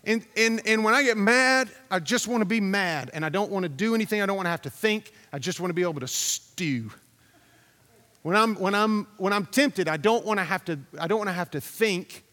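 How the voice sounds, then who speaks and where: A man's voice: high-pitched, lively intonation, a little fast, sharp tone, big-room sound. A man preaching a sermon as a pastor, talking in a conversational, storytelling way, repeating himself and putting questions to the congregation.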